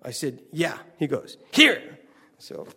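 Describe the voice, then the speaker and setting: A man telling a personal anecdote in a folksy, animated way, acting out the voices of the people in his story. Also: fairly high pitch, normal speed. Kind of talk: personal anecdote told to an audience.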